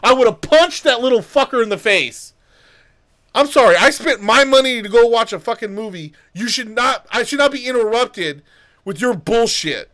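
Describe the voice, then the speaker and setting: A man's voice: extremely high pitch, lively intonation, normal speed, a bit bright. A man co-hosting a podcast, ranting heatedly and profanely in casual chat. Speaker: podcast co-host.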